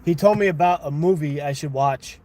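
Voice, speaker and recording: A man hosting a livestream, casually chatting and arguing with viewers in chat, thinking out loud. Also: a little high, fairly quick. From United States. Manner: conversational, argumentative with chat, thinking aloud. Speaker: livestream host.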